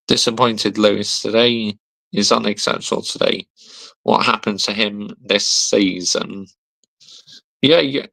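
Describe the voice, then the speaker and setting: A man's voice: lowish voice, steady tone, a little slow, creaky, pushed and bright. A young man, hosting a casual football livestream, reading chat comments aloud, laughing often and answering with slang.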